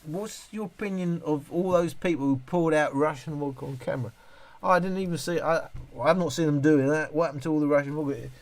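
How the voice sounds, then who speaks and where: This middle-aged man speaks a little fast with few pauses, in a voice on the high side. On his casual live stream he reads viewer comments and rambles in reply, interrupting and restarting himself many times.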